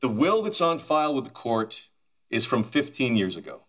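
An actor playing an earnest, polite young lawyer in a sitcom, speaking formally. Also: male voice, medium pitch, sing-song, normal speed, a bit bright.

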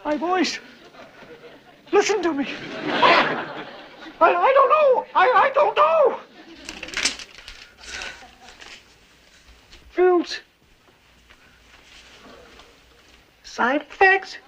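An actor playing a businessman whose voice has turned squeaky from pills, flustered and worried, in 1960s sitcom style. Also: very animated, takes it slowly, pauses often, sharp tone, full character voice. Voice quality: squeaky, strained. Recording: dull lo-fi TV soundtrack.

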